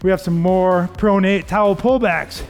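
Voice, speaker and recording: A man's voice: high voice, steady tone, normal speed, soft background music. Man coaching a workout with encouraging cues. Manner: encouraging, calls out cues and counts. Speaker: fitness coach.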